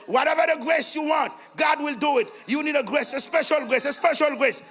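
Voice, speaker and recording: A man with a Haitian accent preaching a fervent sermon as pastor, shouting in bursts and chanting repeated prayer phrases. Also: very high-pitched, fairly quick, few pauses, soft background music. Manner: switches between English, French and Creole, chants repeated phrases.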